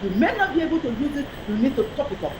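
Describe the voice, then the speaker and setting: A woman's voice: sits high, very animated, racing, noisy background. A woman speaking in a webinar over a video call, urging her audience fervently in a preacherly way and repeating phrases. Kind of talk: exhortation.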